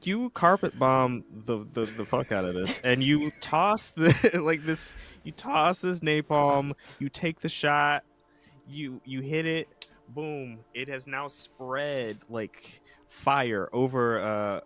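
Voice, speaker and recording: A man narrating as game master of a tabletop game, halting and restarting often as he describes what happens. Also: mid-range voice, fairly bright tone.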